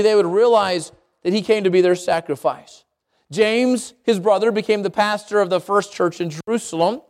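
A male pastor preaching a sermon, animated and talking straight to his congregation. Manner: animated, swings pitch widely, addresses congregation directly.

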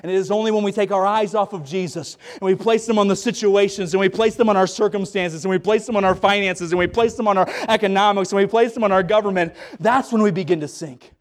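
A man's voice: high voice, steady tone, quick pace, hardly any pauses. A man preaching a sermon in a folksy, dramatic way, acting out the scenes he tells.

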